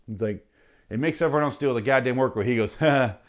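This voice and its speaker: A man in a heated comic rant, sarcastic and profane, his anger boiling over into bursts of mockery. He jumps from grumbling to shouting and cuts in with quick mocking impressions. His pitch sits in a middling range. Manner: angry, sarcastic, heavy swearing; mocking put-on voices in quotes. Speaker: podcast host reading his rants.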